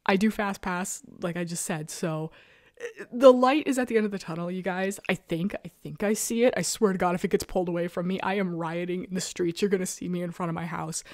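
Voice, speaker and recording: A woman hosting a casual talk show, chatting about comics in an animated, self-mocking way and laughing often. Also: fairly low pitch, a little fast, no echo, clean studio sound. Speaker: podcast host reviewing webcomics. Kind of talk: casual chat. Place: rural home.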